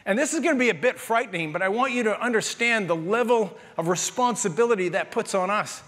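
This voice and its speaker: High-voiced man preaching in a reverberant church. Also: fast. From Canada. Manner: animated, conversational preaching with jokes and asides to the congregation. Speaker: pastor. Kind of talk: sermon. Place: church sanctuary.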